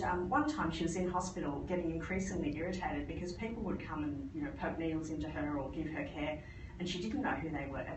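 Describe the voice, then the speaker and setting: Low-voiced woman in an echoey hall. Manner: lively anecdotal storytelling. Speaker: palliative care physician. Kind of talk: conference presentation. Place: conference hall. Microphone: phone recording from the audience. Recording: echoey hall from far off, noisy.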